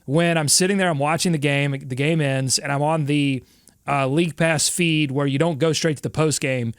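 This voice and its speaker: Animated man talking basketball. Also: fairly high pitch, moderate pace, clean tone, dry recording, clean studio sound. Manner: animated, laughing storyteller. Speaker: podcast co-host. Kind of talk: casual sports chat.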